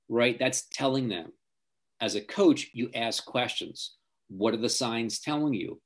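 A man's voice: medium pitch, lively intonation, unhurried. A middle-aged man, a driving coach, giving emphatic advice as an interview guest. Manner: emphatic, acts out quoted parents and teens.

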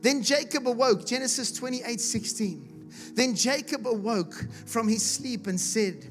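A man from South Africa preaching a sermon with passion, building to shouts and repeating himself as he retells a story. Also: extremely high pitch, a little slow. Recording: music playing behind the voice.

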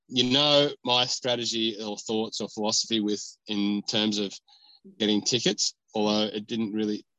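A man's voice: lowish voice, pushed and bright, no echo, rough recording. A man chatting as a podcast host, rambling and joking while sitting in a parked car. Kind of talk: casual chat.

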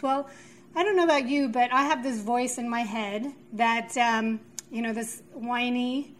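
A woman's voice: fairly high pitch, a bit bright, a little hiss or hum, poor audio. Woman sharing at a recovery meeting. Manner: halting, many fillers and restarts. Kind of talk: personal recovery share. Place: meeting room.

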